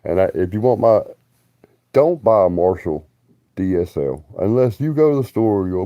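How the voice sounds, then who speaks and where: A man's voice: low-pitched, expressive, moderate pace, dark tone, dry recording, lo-fi sound. A man, rambling bluntly and profanely on a livestream.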